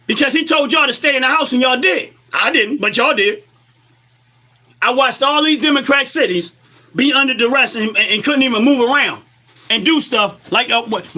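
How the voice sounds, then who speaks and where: Very high-voiced, sharp-toned man ranting. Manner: emphatic, rhetorical, lecturing an audience. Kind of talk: impassioned political commentary.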